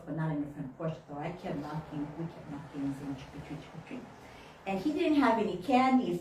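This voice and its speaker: A woman telling childhood stories during a sermon, animated and laughing often, acting out little voices along the way. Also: on the low side. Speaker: minister. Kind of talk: storytelling sermon. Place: church hall. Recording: very echoey room, mic at a distance.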